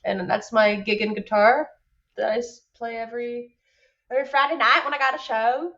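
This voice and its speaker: A woman's voice: fairly high pitch, steady tone, normal speed, fairly bright tone, dull audio. A woman guest musician chatting casually, joking and laughing, swearing now and then. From France. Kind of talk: casual chat.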